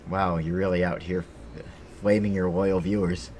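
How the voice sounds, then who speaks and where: A man's voice: deep voice, flat delivery, normal speed, darkish tone, a little hiss or hum. A man chatting casually with his live-stream viewers while playing a game, rambling and joking with the chat.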